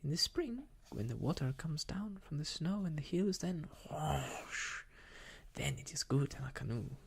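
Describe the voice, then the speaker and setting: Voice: medium pitch, big pitch swings, unhurried, vocal fry, breathy edge, full character voice. A whispering storyteller voicing a cheerful young French waitress with a put-on French accent, in a whispered role-play. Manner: sing-song, lilting.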